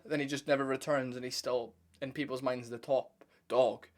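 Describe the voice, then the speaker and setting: A man's voice: medium pitch, steady tone, fairly quick, a little mellow. A young man hosting a fight-sports channel, giving a blunt, opinionated breakdown to his viewers. He rambles, restarts sentences and swears casually. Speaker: MMA commentary channel host.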